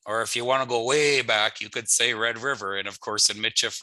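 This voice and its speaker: A man teaching an online language lesson, slowly and patiently repeating phrases for his learners, with friendly joking asides. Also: mid-range voice, pushed and bright, no echo, low-quality recording. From Canada.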